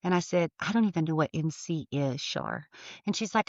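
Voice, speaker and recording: A woman's voice: fairly low pitch, normal speed, no room sound, lo-fi sound. A woman guest telling a story in casual talk, acting out the lines of the people in it and laughing often. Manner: animated, acts out dialogue with laughs. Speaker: podcast guest.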